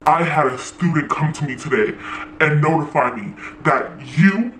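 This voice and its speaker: A woman's voice: sits low, lively intonation, moderate pace, fairly bright tone, slight background noise, pitched below the performer's own voice. A woman voicing an angry male school administrator who lectures and scolds, in an echoey room. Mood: stern lecturing.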